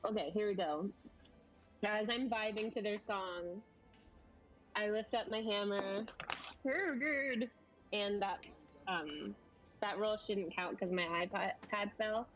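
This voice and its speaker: A woman playing in a tabletop game, excitable and playful. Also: mid-range voice, slow, long pauses, highs cut off, soft background music. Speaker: player. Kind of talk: casual tabletop play.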